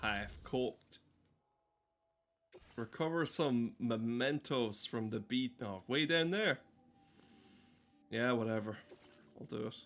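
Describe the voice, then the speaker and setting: A man's voice: mid-range voice, unhurried, long pauses, fairly bright tone, soft background music. A man giving casual, sardonic, sweary commentary over a video game he is playing. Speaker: gaming streamer.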